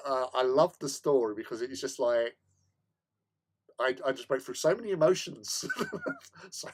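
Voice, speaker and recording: Lively man telling a story. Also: medium pitch. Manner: animated, laughs often, stammers and repeats words. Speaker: hobby stream host. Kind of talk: casual storytelling chat. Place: home hobby room.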